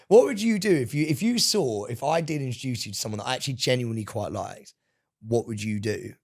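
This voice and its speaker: A man's voice: medium pitch, animated, brisk, a little mellow. A man co-hosting a podcast, telling a rambling story in casual chat, laughing and swearing often. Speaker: podcast co-host.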